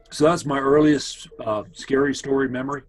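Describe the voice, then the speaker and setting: A man's voice: medium pitch, slight background noise, low-quality recording. Rambling man telling family stories. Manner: meandering, conversational, full of asides to his listener. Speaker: family storyteller. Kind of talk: casual spoken storytelling.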